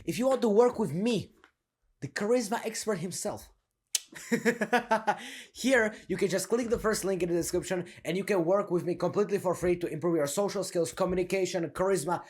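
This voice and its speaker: Fast-ish and husky, a young man casually coaches on sounding confident. He brings energy and slang, laughs frequently, and acts out a deep, down-turned delivery.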